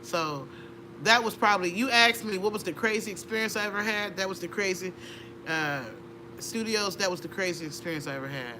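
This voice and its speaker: A middle-aged woman, an interview guest, telling a personal story with animated energy, laughing and acting out voices. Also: medium pitch, brisk, background noise. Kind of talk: conversational storytelling.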